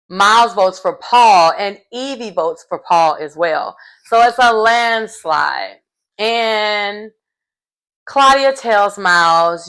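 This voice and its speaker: A woman's voice: medium pitch, fairly bright tone, clean tone. A woman giving a casual, gossipy recap of a reality show, chatty and acting out quotes as she goes.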